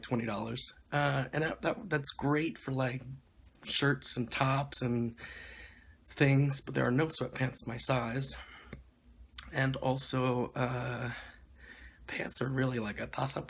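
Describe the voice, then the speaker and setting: A man's voice: mid-range voice, steady tone, measured pace, gravelly, breathy edge. A young man talking casually to his camera in a small dim room, rambling and blunt with plenty of swearing. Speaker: vlogger. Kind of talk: casual vlog update.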